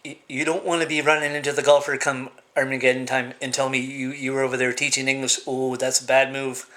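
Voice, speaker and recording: A man vlogging in a casual monologue, rambling and halting with lots of fillers and restarts, giving blunt, opinionated rants. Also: medium pitch, flat delivery, a bit bright.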